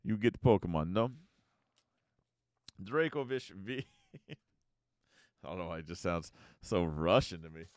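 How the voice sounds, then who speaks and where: A man's voice: low-pitched, normal speed, pauses often, darkish tone, no room sound, clean studio sound. An American man hosting a casual card-opening video, chatting and muttering card names as he opens packs. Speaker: YouTube card-opening host. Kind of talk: casual pack-opening commentary.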